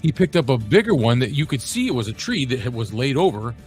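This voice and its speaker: A man's voice: medium pitch, sing-song, fast talker, faint music behind. A man co-hosting a podcast, chatting casually, laid-back and skeptical. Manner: laid-back, skeptical, short agreeing replies. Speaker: podcast co-host. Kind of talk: casual chat.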